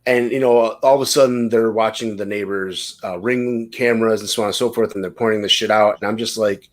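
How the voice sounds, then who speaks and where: Low-voiced man rambling on a podcast. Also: steady tone, fairly quick, few pauses. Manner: rambling storyteller, swears freely. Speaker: podcast host. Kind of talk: casual podcast chat.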